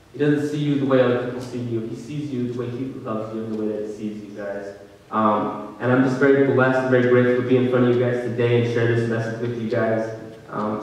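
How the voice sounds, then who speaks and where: A young man preaches to students in a loose, heartfelt way, leaning on fillers as he goes. His voice sits at a middling pitch. It is picked up from a distance in a big hall that rings with long reverb. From California. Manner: earnest, conversational, many fillers. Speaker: student speaker. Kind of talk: casual sermon to students. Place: large hall.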